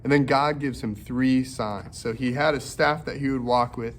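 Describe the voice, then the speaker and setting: Animated man teaching kids a Bible lesson. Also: medium pitch, normal speed, a little hiss or hum. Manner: animated, acts out quoted voices for kids. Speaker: children's ministry teacher.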